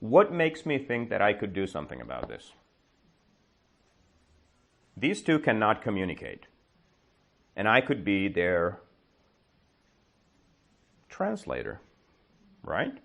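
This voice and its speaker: A man teaching English, telling a story slowly to a class and checking their understanding with quick questions. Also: lowish voice, wildly swooping pitch, creaky, fairly bright tone. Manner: slow, exaggerated storytelling with comprehension checks. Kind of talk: storytelling lesson with questions to learners.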